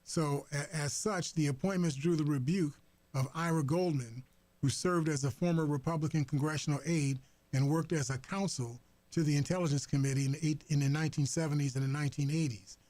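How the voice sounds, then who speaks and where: Halting man hosting talk radio. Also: a little high, fairly even intonation, a little mellow, no room sound. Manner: halting, many fillers and restarts. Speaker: radio host. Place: radio studio. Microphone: studio microphone.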